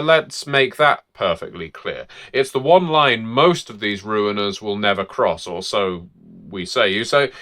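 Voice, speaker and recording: A man hosting tabletop game lore videos in a measured, wry, theatrical gentleman's narration. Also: mid-range voice.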